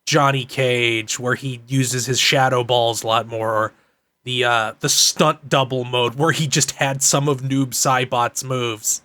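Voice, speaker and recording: A man on a podcast panel in casual chat, quick, knowledgeable and wry. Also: mid-range voice, steady tone, pushed and bright, dry recording.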